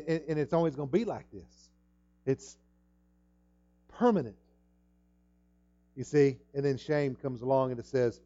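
A man preaching a sermon in an emphatic way, repeating words and jumping up loud at key points. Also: a little high, lo-fi sound. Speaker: pastor.

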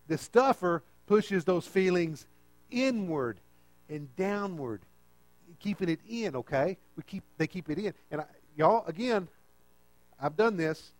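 Guy giving a sermon, kinda high voice, dry close sound, keeps asking okay?. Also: dry recording. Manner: conversational, checks in with "okay?" often. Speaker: preacher.

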